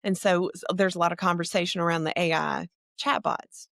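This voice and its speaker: Gravelly Southern woman, chatty and frank. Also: on the low side, steady tone, fairly quick, a bit bright, no echo, studio quality. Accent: American Southern. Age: middle-aged. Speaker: podcast guest. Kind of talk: casual conversation.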